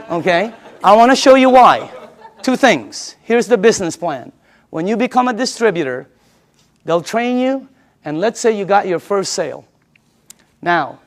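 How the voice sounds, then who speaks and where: A middle-aged man with a noticeably high voice works a room in a live sales presentation. He talks in an emphatic, excitable way and repeats each listener's answer back to them. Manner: chatty and excitable, laughs between points. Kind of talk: live sales pitch to an audience.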